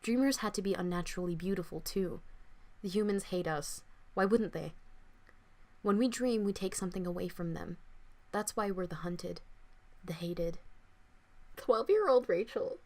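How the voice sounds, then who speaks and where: A young woman, an author, reading her own fiction aloud in an expressive, dramatic first-person audiobook style. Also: lowish voice, normal speed.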